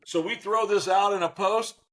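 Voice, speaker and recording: A man in his sixties, a former baseball manager, telling lively stories as an interview guest and acting out what people said. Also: sits high, moderate pace. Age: 60s. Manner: animated, acts out quotes in voices. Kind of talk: storytelling in a faith interview.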